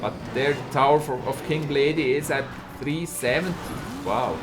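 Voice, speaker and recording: A man's voice: mid-range voice, normal speed, background noise. A man with a Swiss German accent, casting a live mobile game tournament and chatting with viewers. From Switzerland. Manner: excitable, chatty, reads out chat and laughs. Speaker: esports caster and streamer.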